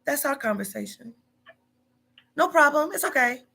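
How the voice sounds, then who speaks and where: A woman's voice: high voice, animated, moderate pace, vocal fry, bright, forceful tone. A woman in her forties, a business owner, scolding bluntly and profanely in a heated phone argument. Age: 40s.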